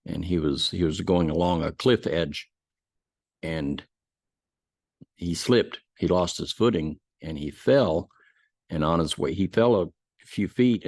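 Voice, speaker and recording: A man's voice: low voice, darkish tone, no room sound, studio quality. A man giving a casual Bible lesson, telling stories in a folksy way with frequent restarts. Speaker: Bible teacher.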